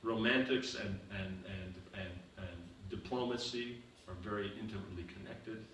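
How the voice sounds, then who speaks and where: In an echoey seminar room, a man's fairly low, steady, fairly bright voice comes through at normal speed, recorded far from the mic with faint noise. He teaches a seminar Q&A lecture, answering questions, explaining with repeated examples and often asking "you understand?"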